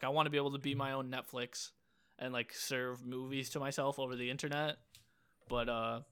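A man's voice: medium pitch, bright, forceful tone, clean tone. A young man co-hosting a casual podcast, rambling and swearing, with "like" in nearly every phrase. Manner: rambling, profane, full of "like". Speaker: podcast co-host.

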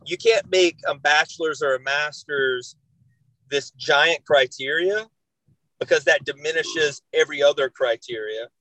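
A man in casual podcast chat, making his points in a measured, plain way. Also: on the high side, sharp tone, no echo, rough recording. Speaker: podcast co-host or guest.

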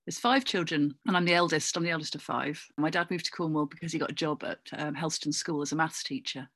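A middle-aged woman from England, chatting as a guest in an interview, animated and full of asides and fillers. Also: deep voice, fast talker, dry recording. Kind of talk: casual interview chat.

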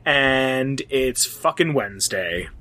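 A man's voice: mid-range voice, animated, takes it slowly, sharp tone, dry recording. A man doing a petty, scolding office boss. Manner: scolding, curt.

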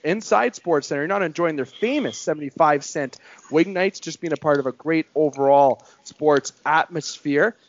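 A man hosting a sports talk show, delivering it in a hyped, promotional way with big pitch jumps. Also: moderate pace, muffled recording. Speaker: podcast host.

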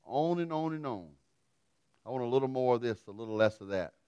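A middle-aged man, preaching a sermon through a folksy, self-deprecating personal story, swinging from loud to quiet. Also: mid-range voice, expressive, brisk, smooth, no echo, muffled recording. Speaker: pastor.

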